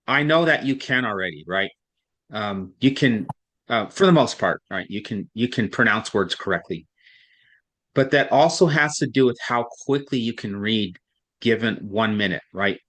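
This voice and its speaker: A man tutoring one student in reading, explaining patiently step by step and often checking in with a quick "right?". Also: mid-range voice, a bit bright.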